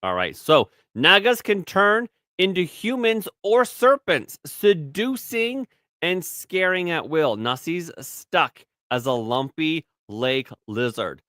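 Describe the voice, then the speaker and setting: Lively, bright-voiced profane male podcaster. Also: fairly high pitch, slow, no echo, studio quality. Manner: rambling, profane, restarts words often. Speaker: podcast co-host. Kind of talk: casual podcast banter.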